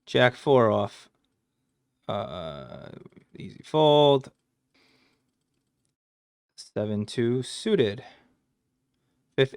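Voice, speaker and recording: A man's voice: mid-range voice, clear, resonant tone, dry recording, clean studio sound. A man casually reviewing his poker hands, joking crudely and swearing as he goes. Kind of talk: casual hand review commentary.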